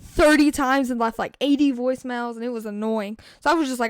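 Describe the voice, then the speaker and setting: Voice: mid-range voice, fairly even intonation, a little fast, clear, resonant tone, no room sound, clean studio sound. A teenage gaming vlogger telling a storytime tale over gameplay, chatty and full of fillers, acting out what people said. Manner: chatty, filler-heavy, acts out quoted lines.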